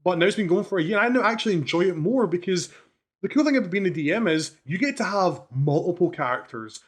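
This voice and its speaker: Animated young man with a deep voice. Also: fast talker, husky. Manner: animated, rambling storytelling with restarts and swearing. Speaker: podcast co-host and dungeon master. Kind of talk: casual podcast chat.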